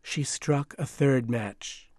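Slow, gentle male storyteller. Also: mid-range voice, a little hiss or hum. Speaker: narrator. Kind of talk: storybook narration.

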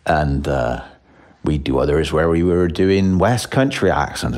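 A man's voice: rumbling low, expressive, normal speed, darkish tone. A man in his sixties, an actor talking as a guest in a casual interview, self-deprecating with frequent chuckles and restarts.

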